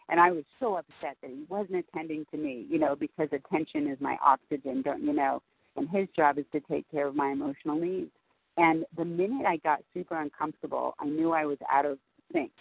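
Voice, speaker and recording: A woman's voice: low-pitched, vocal fry, breathy edge, no echo. A woman sharing earnestly and reflectively at a recovery meeting, with many ums and repeated phrases. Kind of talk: personal share at a recovery meeting. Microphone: phone call. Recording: tinny phone line.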